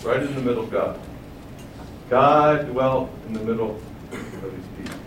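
A man preaching a sermon, asking rhetorical questions and booming out quoted acclamations. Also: unhurried, reverberant, distant mic, noisy background.

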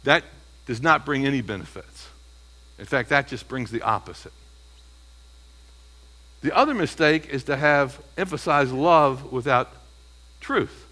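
This man preaches expository sermons expressively and at a measured pace, pausing often, his mid-pitched voice sharp in tone. As a pastor he keeps it conversational, working through the text verse by verse and repeatedly asking the congregation "okay?" or saying "you see." The recording is rough.

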